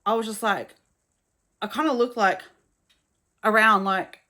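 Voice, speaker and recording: A woman's voice: mid-range voice, unhurried, bright, forceful tone. An Australian woman telling travel stories to camera in a frank, chatty way, with swearing and many fillers. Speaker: travel vlogger. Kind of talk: casual storytelling to camera.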